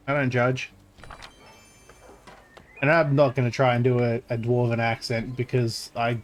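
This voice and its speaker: A man's voice: medium pitch, slight background noise. A male streamer giving casual commentary while playing a game, with joking, sarcastic asides.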